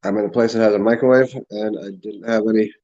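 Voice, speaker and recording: Over dull audio, a livestream host rambles casually and laughs a lot while eating and drinking, sometimes speaking through a full mouth. He talks fast in a lowish, steady, mellow voice.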